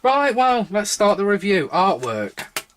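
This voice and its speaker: A man's voice: high-pitched, very animated, slow, slight background noise. A young man reviewing a drink in a casual solo vlog, a little tipsy and sore-throated, rambling with wry asides. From Britain.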